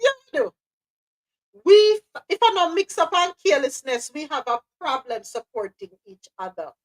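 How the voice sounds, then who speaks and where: A woman's voice: high-pitched, big pitch swings, normal speed, low-quality recording. A woman hosting a live news podcast, speaking passionately and repeating phrases for emphasis. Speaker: host.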